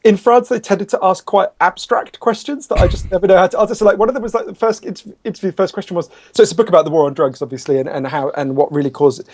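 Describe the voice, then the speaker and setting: A man talks at a rapid clip as a podcast guest, spinning stories with chatty energy and self-deprecating asides. His voice sits a little higher than most men's. He sounds engaged and quick on his feet. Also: a little mellow. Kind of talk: conversational interview storytelling.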